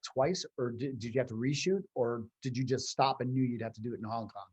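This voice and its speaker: A man's voice: mid-range voice, a little fast, a little mellow, husky, dull audio. A man co-hosting a podcast, chatting casually and adding his own stories from working as a stunt performer on film sets. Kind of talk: casual chat.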